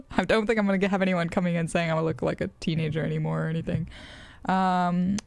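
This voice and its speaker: A woman's voice: on the low side, fairly even intonation, brisk, creaky, a little mellow, dry recording. An American woman live-streaming a game, chatting casually and rambling with many fillers and laughs. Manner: rambling, giggly, lots of fillers. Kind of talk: casual live-stream chat while gaming.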